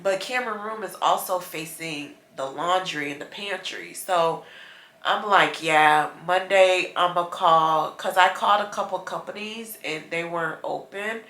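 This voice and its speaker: A woman's voice: fairly low pitch, unhurried, sharp tone, reverberant. A woman sick with a stuffy nose, chatting casually to her viewers from bed in a rambling, frustrated way. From United States. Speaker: vlogger. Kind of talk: casual vlog chat. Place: bedroom, lying in bed.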